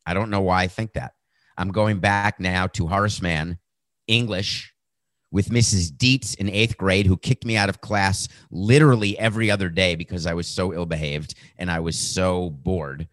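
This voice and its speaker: A man hosting a sports podcast, talking sarcastically and acting out quotes with animated, mocking voices. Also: low-pitched, normal speed, no echo, clean studio sound. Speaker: podcast host.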